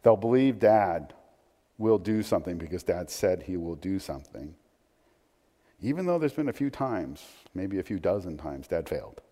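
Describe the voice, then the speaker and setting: A man's voice: sits low, animated, normal speed, warm tone. A man preaching a sermon in a conversational way, with frequent restarts and asides. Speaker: pastor. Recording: long hall reverb.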